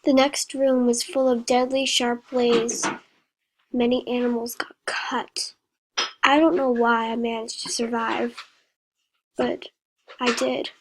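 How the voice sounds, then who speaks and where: A woman reading a horror story aloud in a slow, even way, with a few slips. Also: fairly high pitch, background noise.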